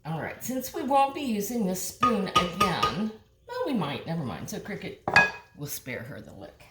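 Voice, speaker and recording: Over loud music, an older woman with a lowish, very animated voice cooks in her home kitchen at a moderate pace, encouraging viewers and talking to her dog. The recording is echoey with a far-off mic, and dishes and pans keep clattering.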